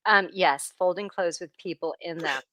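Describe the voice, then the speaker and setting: A woman hosting a live-stream interview, excitable and gushing as she greets viewers and reads their comments. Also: fairly low pitch, normal speed, no echo. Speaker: livestream interview host. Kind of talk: bubbly live-stream chat.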